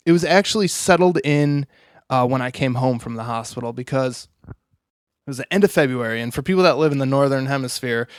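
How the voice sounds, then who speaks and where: A man's voice: mid-range voice, fairly quick, smooth, no echo, clean studio sound. A man, an interview guest, telling a personal story in an earnest, rambling way with many "you know"s.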